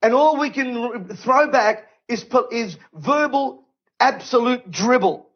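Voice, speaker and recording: Fiery preacher, high voice. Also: male voice, lively intonation, a little slow, highs cut off. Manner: fiery, emphatic, with repeated rhetorical questions. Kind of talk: impassioned sermon. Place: event stage.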